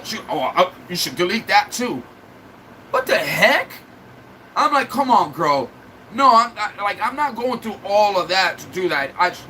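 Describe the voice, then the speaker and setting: A man's voice: sits high, sharp tone, a little hiss or hum, low-quality recording. A man livestreaming in a casual chat, venting at length to his viewers in a rambling, upset way. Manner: rambling, restarts and fillers.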